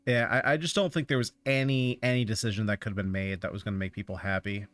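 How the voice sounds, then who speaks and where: A man's voice: on the low side, steady tone, fast, fairly bright tone, no echo, soft background music. A man streaming a game, chatting casually and offering rambling, opinionated thoughts as he plays. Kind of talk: casual chat while playing a game.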